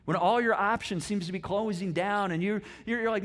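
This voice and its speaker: A man preaching a sermon as pastor, conversational and animated, often repeating words and laughing as he talks. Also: high-pitched, fairly quick, hardly any pauses. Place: church auditorium.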